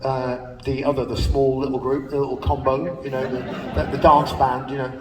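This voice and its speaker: A man's voice: mid-range voice, level tone, normal speed, noisy background. An older man telling anecdotes to a live audience in a chatty, laughing way, with casual swearing. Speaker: speaker at a live spoken-word show. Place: large theater stage. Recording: distant audience recording in a reverberant hall.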